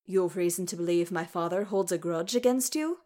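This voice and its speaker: A woman's voice: on the low side, moderate pace, lightly acted. Gimli, a blunt stubborn dwarf, read by a woman. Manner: blunt, direct. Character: blunt gruff male dwarf, stubborn and loving. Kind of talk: audiobook character reading.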